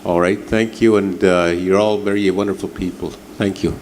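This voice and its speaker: Deep-voiced guy wrapping up a workshop, lots of uhs, earnest, faint hum behind. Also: steady tone, a little mellow. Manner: halting, many fillers, earnest. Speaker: workshop presenter. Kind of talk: closing remarks at a workshop.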